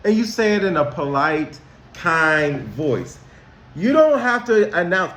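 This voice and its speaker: A man, a school counselor talking to students about manners, slow and emphatic, asking them questions. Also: high-pitched, sing-song, fairly bright tone. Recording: roomy echo.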